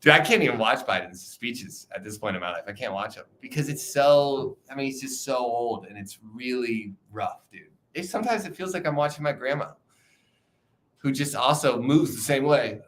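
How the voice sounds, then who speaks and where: Young man, streamer, casual, profane, rambling, restarts often, medium pitch. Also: normal speed, a bit bright. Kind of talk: casual livestream chat.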